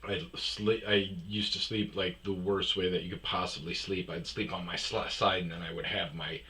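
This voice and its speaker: A man's voice: sits low, flat delivery, moderate pace, bright, forceful tone. A young adult man telling a rambling, profane, jokey story in a casual vlog. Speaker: vlog host.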